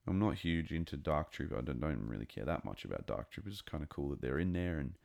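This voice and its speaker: A man giving a casual, rambling and excitable review of a TV episode. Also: extremely low pitch, fast, vocal fry. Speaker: show reviewer.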